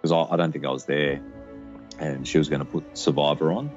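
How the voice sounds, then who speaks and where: A man, a podcast guest, talking reflectively about parenting in a halting, filler-heavy way. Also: rumbling low, steady tone, muffled recording, faint music behind. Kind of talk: casual conversation.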